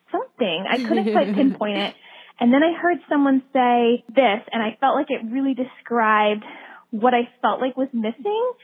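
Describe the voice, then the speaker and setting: A woman's voice: high voice, slightly rough. A woman from New Jersey leaving a thoughtful phone message, searching for her words. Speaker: caller. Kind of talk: voicemail message. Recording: tinny phone line.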